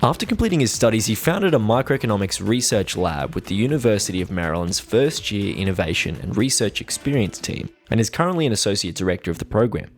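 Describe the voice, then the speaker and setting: A man's voice: lowish voice, very animated, fast talker, few pauses, soft background music. An Australian man hosting a podcast interview, speaking with enthusiasm. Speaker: podcast host.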